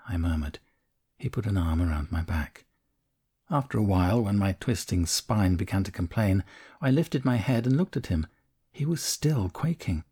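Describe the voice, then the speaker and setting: Guy reading his memoir out loud, calm and frank, bit breathy. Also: fairly low pitch, moderate pace. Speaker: memoir narrator. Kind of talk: first-person audiobook narration.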